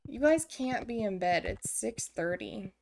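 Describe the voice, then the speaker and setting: A woman's voice: mid-range voice, lively intonation, a little slow, gravelly, a little mellow, slight background noise. A young woman streaming a farming game, chatting casually and getting distracted. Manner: chatty, easily distracted, self-mocking. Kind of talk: casual gameplay commentary. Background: faint game music.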